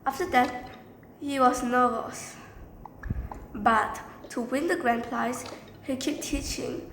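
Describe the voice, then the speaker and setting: A woman's voice: sits high, steady tone, slow pace, vocal fry, long pauses, a bit bright. A woman telling a story from her time as a teacher, rambling casually and leaning on filler words. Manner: rambling, repeats filler phrases. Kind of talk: storytime narration. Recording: echoey room with faint background noise.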